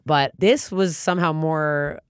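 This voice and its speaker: A woman's voice: deep voice, measured pace, clean tone, dry recording, clean studio sound. A woman comedian, a guest on a podcast, telling stories in casual chat with lots of swearing. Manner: animated, profane storytelling.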